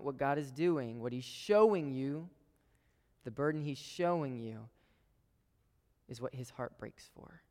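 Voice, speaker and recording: A man preaching a sermon to a congregation he calls "guys", swinging between emphatic, loud lines and hushed whispers. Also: medium pitch. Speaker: pastor. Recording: long hall reverb.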